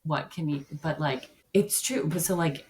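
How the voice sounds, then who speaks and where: A woman's voice: sits low, normal speed, heavy background noise. A woman co-hosting a podcast, talking conversationally, often agreeing and asking rhetorical questions. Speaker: podcast co-host. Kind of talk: casual chat.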